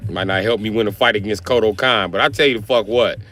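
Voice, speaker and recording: A man's voice: lowish voice, fast talker, fairly bright tone, faint music behind. A man who works as a mechanic, chatting casually and profanely on a livestream, joking around.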